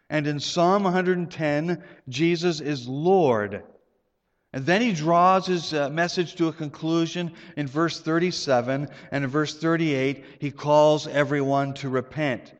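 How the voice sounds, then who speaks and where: A man delivers a sermon from the pulpit, moving between explanation and playful storytelling. His voice sits a little high for a man. The sound carries a long reverberant tail, as in a church sanctuary. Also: dull audio. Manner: storytelling, animated with playful asides. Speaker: pastor.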